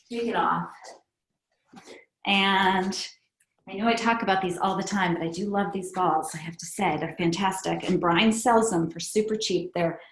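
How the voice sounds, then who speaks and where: Woman, pilates instructor, calm counted cues, chatty asides, echoey studio. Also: medium pitch. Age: adult with young kids. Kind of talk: guided fitness class instruction. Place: fitness studio. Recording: echoey room.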